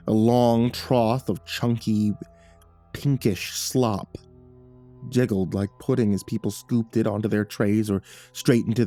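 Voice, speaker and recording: Male horror narrator with a warm, dark tone; reads slowly and dramatically over quiet music. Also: lowish voice. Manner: measured and dramatic, with nervous stammered repeats. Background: faint background music.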